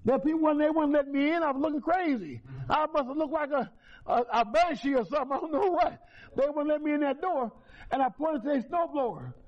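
A man with an extremely high-pitched voice talks fairly quickly, sharing his life story as a testimony at a recovery meeting. He is folksy and repetitive and chuckles as he goes. The recording is dull and lo-fi.

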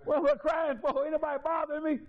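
A man giving a personal testimony in a lively, colloquial storytelling way, with many restarts. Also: extremely high pitch, fast, narrow, tinny audio. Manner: colloquial, repetitive restarts, chuckles through the story.

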